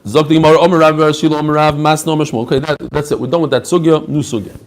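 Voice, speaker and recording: A man teaching a lively Talmud class, mixing in Hebrew and Aramaic terms and acting out the rabbis' answers. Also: a little high, racing. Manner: animated, mixes Hebrew and Aramaic terms, acts out quoted answers.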